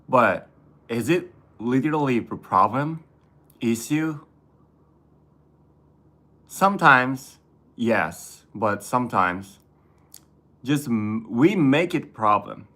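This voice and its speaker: Male host, unhurried halting delivery, everyday conversational tone. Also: medium pitch, animated, a bit bright. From Japan. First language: Japanese. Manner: halting, searching for words, frequent restarts. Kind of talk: casual conversation in English.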